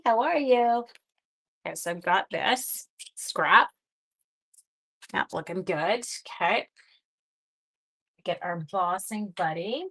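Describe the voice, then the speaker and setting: A woman's voice: mid-range voice, a bit bright. A woman hosting a live craft demonstration. She chats casually and greets viewers while she works, often talking half to herself. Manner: chatty, greets and answers viewer comments while working. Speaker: craft livestream host. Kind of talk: casual live-stream card-making demonstration.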